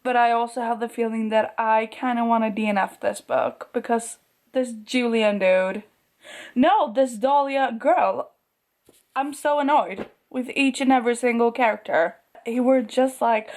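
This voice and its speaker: Book vlogger, woman, slightly high voice, gushy and excitable, laughs a lot. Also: a little slow. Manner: gushing, excitable, laughs often. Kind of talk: casual reading reactions to camera.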